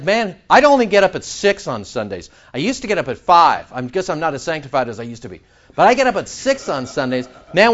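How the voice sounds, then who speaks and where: A male pastor preaching in a church. He is animated, with sudden loud outbursts and mock back-and-forth dialogue. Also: high-pitched, dull audio. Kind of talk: sermon.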